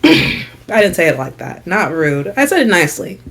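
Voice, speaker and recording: A woman's voice: on the low side, very animated, normal speed, vocal fry, fairly bright tone. Chatty young woman telling a story. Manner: chatty, full of "like", dramatic retelling. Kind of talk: casual storytime chat.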